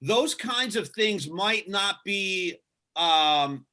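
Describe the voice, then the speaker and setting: Radio guy talking shop on a video call, earnest, says things twice, highish bright voice. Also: animated, drawn-out words. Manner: earnest, repeats himself for emphasis. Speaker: radio host, interview guest. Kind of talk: casual interview answers.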